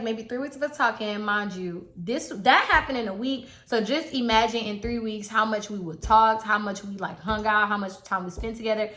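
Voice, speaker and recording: Young woman spilling a story to the camera, bright voice, echoey room. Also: medium pitch. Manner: chatty, quotes others in acted voices. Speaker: vlogger. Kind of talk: casual storytime.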